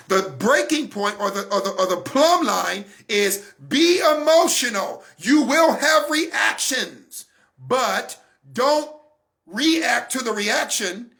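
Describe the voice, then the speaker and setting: A man in his forties hosting a weekly faith-based talk, speaking with fervor, repeating phrases for emphasis and rising to shouts. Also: extremely high pitch, gravelly. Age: 40s. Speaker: host of a weekly online talk broadcast.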